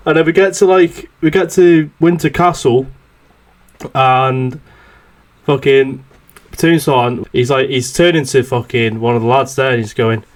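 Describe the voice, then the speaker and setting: A man's voice: medium pitch, unhurried. Sweary young man telling a story. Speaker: podcast host. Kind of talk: casual chat, swearing anecdote.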